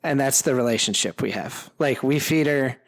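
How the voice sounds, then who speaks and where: A man's voice: medium pitch, moderate pace, vocal fry. A man co-hosting a podcast in casual, candid talk, blunt and teasing, swearing freely with lots of "like". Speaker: podcast co-host. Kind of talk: casual unedited chat.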